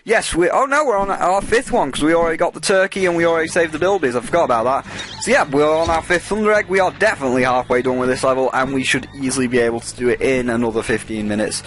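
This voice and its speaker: A man's voice: on the high side, quick pace, hardly any pauses, fairly bright tone, a little hiss or hum. A man giving casual gameplay commentary as a let's play host, rambling and jokey with frequent swearing.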